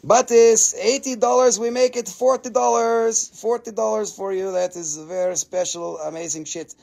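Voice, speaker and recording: Excitable high-pitched gravelly man. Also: moderate pace. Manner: excitable, swears freely, laughs often; non-native English grammar. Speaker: host selling crystals on a live stream. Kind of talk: casual live sales chat.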